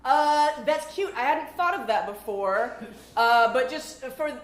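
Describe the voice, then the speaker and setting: A woman's voice: high voice, lively intonation. A woman in an improv comedy scene, playing a male star athlete who stammers through an apology at a press conference, recorded in an echoey coffeehouse. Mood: flustered. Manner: halting, apologetic, full of stammers and fillers. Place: coffeehouse stage. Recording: echoey coffeehouse room, faint noise.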